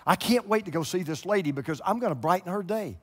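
Preacher man, dramatic hushed-to-loud delivery. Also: high voice, lively intonation, quick pace, husky, big-room sound. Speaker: pastor. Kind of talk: televised sermon. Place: large church room.

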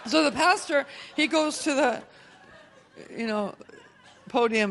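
A woman preaching a sermon, telling a personal testimony with lively, emotional storytelling. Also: sits high, moderate pace, slight background noise. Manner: animated storytelling, laughing and emotional.

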